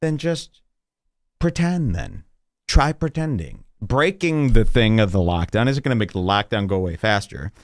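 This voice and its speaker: A man's voice: lowish voice, animated, moderate pace, no room sound. A man hosting a podcast, telling a rambling story in casual chat and swearing freely. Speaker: podcast host.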